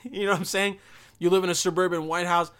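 A man's voice: sits high, flat delivery, fast, fairly bright tone, clear, resonant tone. A young man from Bosnia with no accent, talking in a rambling, profane, emphatic casual monologue.

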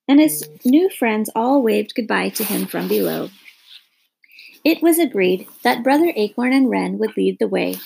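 Female storybook narrator, gentle pacing, husky and gravelly tone. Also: a little high, expressive, normal speed.

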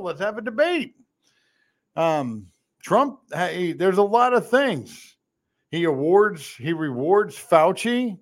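A male podcast host doing a live political talk monologue, animated and sarcastic, ranting and slipping into mocking impressions. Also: high voice, slow.

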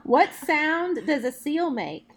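A woman hosting a casual quick-fire question game with friends, brisk and playful as she reads out each question. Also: high-pitched, big pitch swings.

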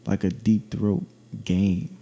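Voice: low-pitched, level tone, slow. A podcast co-host reacting with teasing, repeated interjections and crude jokes. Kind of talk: raunchy casual chat. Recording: loud background noise.

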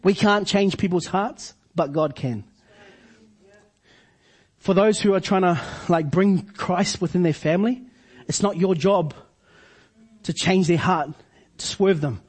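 A man preaching a sermon to his congregation, repeating key phrases slowly for emphasis. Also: high-pitched, a little mellow, breathy edge. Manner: preaching with slow emphatic repetitions. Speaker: pastor.

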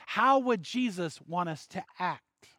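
Devout wife figure, earnest and reproachful, soft-spoken, as a male preacher puts her on. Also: sits high, animated, slow pace, no room sound, clean studio sound, full character voice. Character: bold devout wife, fearless witness.

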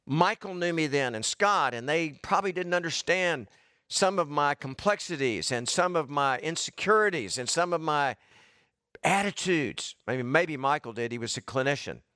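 A man's voice: a little high, a bit bright, dry recording, studio quality. Earnest preacher man with a lilt. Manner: earnest, conversational, addresses congregation by name. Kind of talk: sermon.

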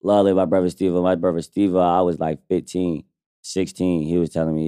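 A man's voice: low-pitched, level tone, fairly quick, warm tone, clear, resonant tone. A man guesting on a podcast, telling stories in a loose, slangy way with lots of fillers. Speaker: rapper guest. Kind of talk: casual podcast storytelling.

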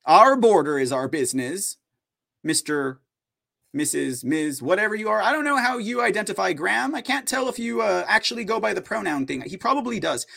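A man's voice: sits high, expressive, fairly quick, gravelly, sharp tone. A man hosting an opinion news show, talking in a sarcastic, mocking way.

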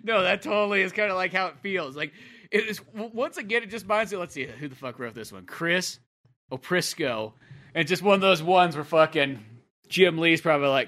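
A man's voice: on the high side, moderate pace, sharp tone. A man co-hosting a podcast, chatting casually in a rambling, jokey way, full of fillers and swearing. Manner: rambling, profane, jokey, lots of "like". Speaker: podcast co-host. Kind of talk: casual chat.

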